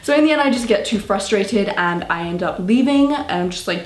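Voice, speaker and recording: A young woman with a British accent telling a storytime vlog in an animated, exasperated way. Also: mid-range voice, a little fast, hardly any pauses, roomy sound. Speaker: vlogger.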